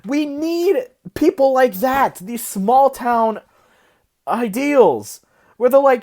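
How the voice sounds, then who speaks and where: A woman's voice: sits high, lively intonation, slow pace, mellow. A young woman in a profane, agitated casual rant, worked up and hysterical, recorded on a phone. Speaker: vlogger.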